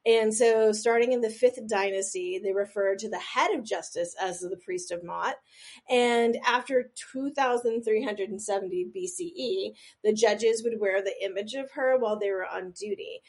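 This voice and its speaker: A woman with a mid-range, slightly mellow voice talks at a normal speed while co-hosting a podcast. She runs a quiz in a rambling, self-deprecating way, tossing in jokey asides and sometimes leaning back from the mic, all in casual podcast chat.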